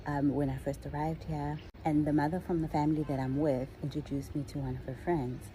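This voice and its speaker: A woman's voice: deep voice, flat delivery, fairly quick, dark tone, low-quality recording. A woman from Africa, telling a candid story to camera in a chatty, casual way. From South Africa. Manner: chatty and candid, with frequent fillers. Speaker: vlogger. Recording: audible background noise.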